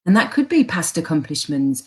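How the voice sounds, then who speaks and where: A woman's voice: low-pitched, sing-song, normal speed. A woman with a Birmingham accent, a coach giving encouraging advice in a casual chat and often restarting her phrases. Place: live online chat.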